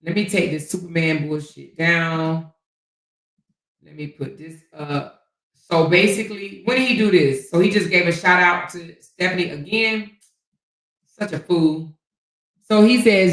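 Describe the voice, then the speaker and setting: A woman's voice: fairly low pitch, unhurried, long pauses, fairly bright tone, recorded from a distance. A woman hosts a livestream, talking bluntly and sassily, swearing freely and calling listeners honey and child. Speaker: livestream host. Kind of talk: casual livestream commentary. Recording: echoey room, off mic.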